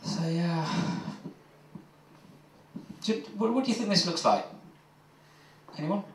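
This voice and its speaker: A man's voice: high-pitched, slow, far from the mic, slight background noise. A man doing rambling, self-mocking stand-up comedy on a pub stage, chatting with the crowd. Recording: roomy pub mic from afar.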